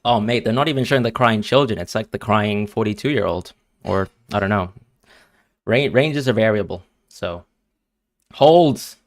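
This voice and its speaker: A man's voice: on the low side, moderate pace, no room sound. A man streaming live and reacting emotionally to a football match as he watches, talking to his viewers.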